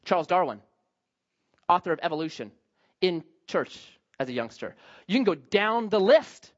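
A male pastor preaches with animated swings, rising to loud emphasis, then dropping to quiet, low asides. His pitch moves widely, and the recording sounds dull and lo-fi. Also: normal speed. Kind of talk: sermon.

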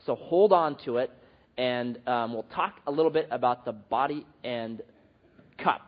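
A man preaching a sermon as pastor, telling a story with lively acted quotes. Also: mid-range voice, unhurried, highs cut off.

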